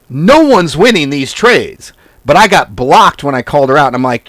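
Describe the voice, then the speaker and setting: In a dry recording, a man with a slightly high voice and moderate pace hosts a forex trading video. His casual monologue to camera is a blunt, profane rant full of animated storytelling that keeps wandering off topic.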